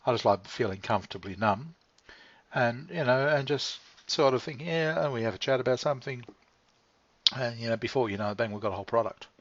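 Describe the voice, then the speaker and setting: A vlogger rambles through a relaxed, meandering monologue, chuckling as he lets the occasional swear word slip. His voice sits at a middle pitch with lively intonation. The sound is dry and slightly dull, like a cheap home microphone.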